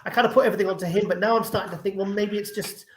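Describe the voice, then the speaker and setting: A man co-hosting a live bodybuilding watch party, chatting in an animated, joking way over a remote call. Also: sits high. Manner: animated, chatty, quick to joke. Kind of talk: casual live-stream chat. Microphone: remote call setup. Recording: echoey room with faint noise.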